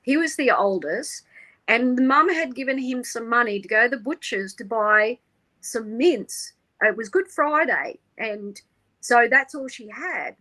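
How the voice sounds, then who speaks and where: A woman, an interview guest, tells a personal story in an animated way, laughing often and acting out the people she quotes. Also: on the high side, a little slow, low-quality recording.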